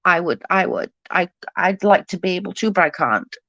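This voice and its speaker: A woman's voice: on the low side, animated, moderate pace, fairly bright tone, no room sound, lo-fi sound. A woman hosting a live stream, chatting casually with viewers; she is tired, stutters a little and keeps restarting her sentences. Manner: mild stutter.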